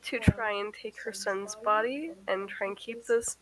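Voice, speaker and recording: Female player, bright tone, earnest and questioning. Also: mid-range voice, fairly even intonation, a little slow, rough recording. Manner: inquisitive, earnest. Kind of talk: casual tabletop play.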